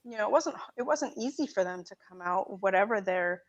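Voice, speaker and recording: A woman's voice: medium pitch, a little fast. Rambling woman guest on a dull line. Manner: rambling, many fillers and restarts, animated when making a point. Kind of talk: casual conversation. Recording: dull lo-fi audio.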